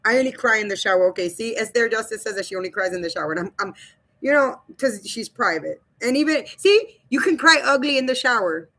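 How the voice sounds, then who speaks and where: A woman's voice: fairly high pitch, animated, quick pace, bright, forceful tone. A woman hosting a casual livestream, reading viewer comments aloud and talking straight to her chat in a blunt, loose way, swearing and laughing as she goes. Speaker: livestream host.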